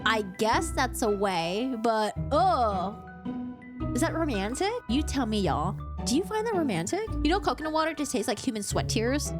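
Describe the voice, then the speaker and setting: A woman vlogger giving a casual, dramatic book recap in an animated storytelling manner. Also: high voice, a little fast, hardly any pauses, over music.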